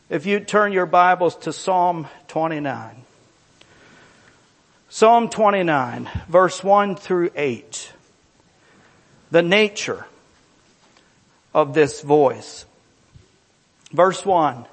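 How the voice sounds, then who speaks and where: Slow, high-voiced male preacher. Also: expressive. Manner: emphatic, repetitive preaching with scripture reading. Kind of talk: sermon.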